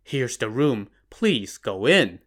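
A man's voice: mid-range voice, very animated, slow, a bit bright. A man voicing a timid, deferential old village man who speaks meekly and humbly. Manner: meek and humble.

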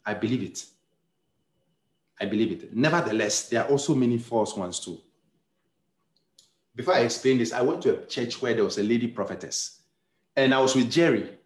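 A man's voice: medium pitch, expressive, fairly quick, echoey room. A male pastor preaching a sermon, telling stories and acting out the dialogue, with many repeated words and restarts. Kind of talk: sermon storytelling.

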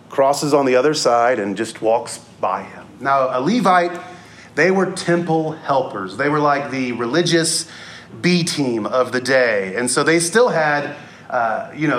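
Animated man preaching a sermon. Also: fairly high pitch. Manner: storytelling, animated, acts out quoted voices. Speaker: pastor.

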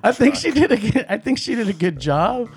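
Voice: medium pitch, very animated, brisk, husky. A podcast co-host reviewing movies in casual chat, enthusiastic and rambling, often restarting sentences.

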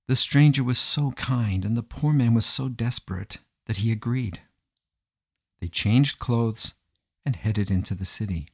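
Guy reading a folk tale, calm and measured, average pitch. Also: husky. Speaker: storyteller. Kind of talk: storybook narration.

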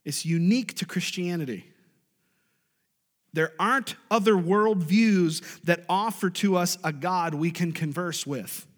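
A pastor preaching to his congregation in a high, lively voice, his words ringing through a reverberant church sanctuary. He shifts between quiet, slowed passages and sudden loud, high-pitched bursts of excitement. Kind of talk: sermon.

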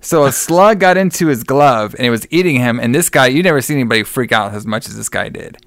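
Man with a smooth voice, casual and profane. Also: medium pitch, animated, fast, fairly bright tone, no room sound. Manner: rambling, profane, laughs often. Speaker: movie review podcast co-host. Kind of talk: casual podcast chat.

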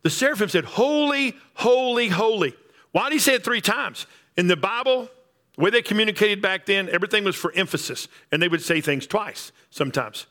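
A man's voice: sits high, fairly quick, bright, forceful tone. A man preaching a sermon, emphatic and repetitive, building up on key phrases. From Texas Panhandle. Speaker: pastor.

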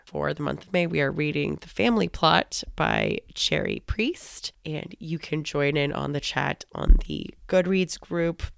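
A woman's voice: deep voice, creaky, no echo, studio quality. A woman co-hosting a podcast, talking in an upbeat, chatty way with fillers and laughs. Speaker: podcast co-host. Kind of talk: casual podcast chat.

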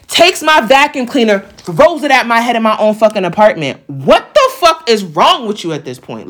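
This young woman's voice is fairly high and a little fast, with few pauses. Her storytelling is animated and profane, and she performs the quoted voices of the people in her tale.

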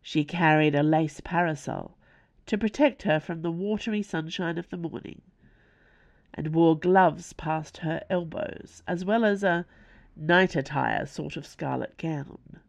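A woman reading her own novella aloud as narrator, in an expressive storytelling manner. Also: sits low, unhurried, gravelly. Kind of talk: scripted narration.

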